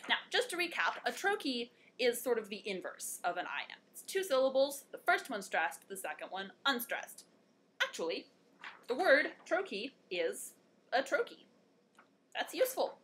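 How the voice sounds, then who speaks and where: A young woman talks through a one-take video lesson in a chatty, playful way and groans at her own puns. Her voice sits a little high and sounds bright and clear. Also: sing-song, normal speed, a little hiss or hum. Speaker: host.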